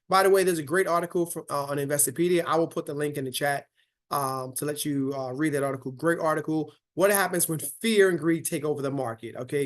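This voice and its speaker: A man hosting a casual online investing lesson as a financial coach, upbeat and checking in with listeners with a frequent "right?". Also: fairly high pitch.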